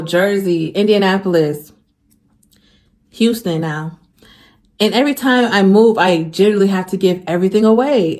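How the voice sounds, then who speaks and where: A woman's voice: mid-range voice, a little mellow. Earnest young woman vlogging about faith. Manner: earnest, repeats phrases for emphasis, talks directly to viewers; emotional when speaking of faith. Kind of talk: casual heartfelt vlog talk.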